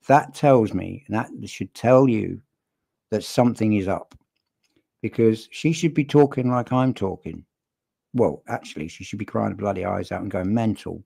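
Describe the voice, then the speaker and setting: A man's voice: medium pitch, creaky, mellow. A man giving casual, blunt and sardonic commentary that breaks down a recorded interview, often restarting his sentences. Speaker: statement analysis commentator.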